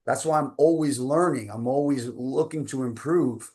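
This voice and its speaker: Man, 50s, motivational coach, middle-pitched voice, slangy emphatic storytelling. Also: moderate pace, a little mellow. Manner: emphatic, casual slang such as man and dude.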